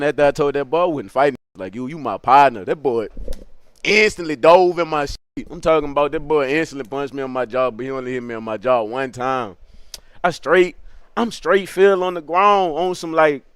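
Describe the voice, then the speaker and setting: A man spinning a comic story in an animated, slang-heavy style, laughing as he goes. His voice sits a little high and comes through smooth and clear, in a dry, close recording. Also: dry recording. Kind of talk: comedic storytelling.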